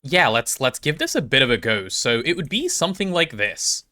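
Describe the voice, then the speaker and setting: Guy streaming a game, chatty, bright voice that bounces all over, thinking out loud. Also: mid-range voice, very animated, moderate pace. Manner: chatty, thinks aloud while playing and answers chat. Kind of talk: casual gaming stream chat.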